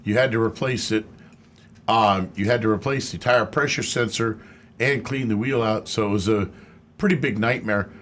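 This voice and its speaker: A man's voice: on the low side, normal speed, fairly bright tone, slight background noise. A man answering callers' car questions on a radio show in a matter-of-fact, explanatory way. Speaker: auto expert. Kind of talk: radio call-in chat.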